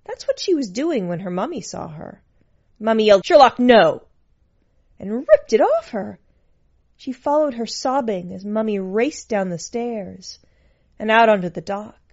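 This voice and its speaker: A woman reads a piece of fiction aloud, her delivery expressive and shifting with the story. Her voice sits in a middle register. The recording is slightly dull and lo-fi. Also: medium pitch. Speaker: narrator. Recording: muffled lo-fi recording.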